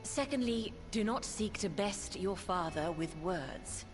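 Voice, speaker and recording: A woman voicing a wise older woman who gives measured, gentle counsel in a game cutscene. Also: medium pitch, animated, lightly acted. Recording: game audio with music behind.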